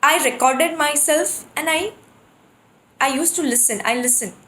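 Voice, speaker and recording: Woman explaining drum syllables, high voice. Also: a bit bright. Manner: recites drum syllables in quick rhythmic bursts. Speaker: percussion teacher. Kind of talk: explanatory lesson with spoken rhythm syllables. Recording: echoey room.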